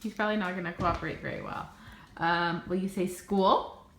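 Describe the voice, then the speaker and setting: Young mom, sing-song coaxing voice, in an echoey room with a faint hum. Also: female voice, animated, normal speed, creaky. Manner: sing-song and encouraging, swooping up in pitch. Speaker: mother. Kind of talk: coaxing her toddler on camera.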